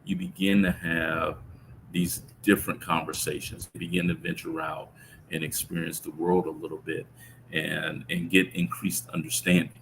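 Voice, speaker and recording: A middle-aged man telling a personal story about his son in an interview, speaking in a reflective, halting way with many restarts. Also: low voice, level tone, creaky, fairly bright tone, a little hiss or hum, low-quality recording. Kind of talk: conversational storytelling.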